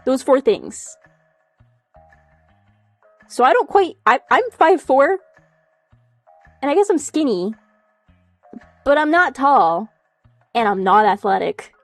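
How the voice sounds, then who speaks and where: A young woman streaming from home in casual chat, animated, swearing a lot and laughing often as she reacts to chat. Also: high-pitched, slow, pauses often, no room sound, faint music behind. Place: home room.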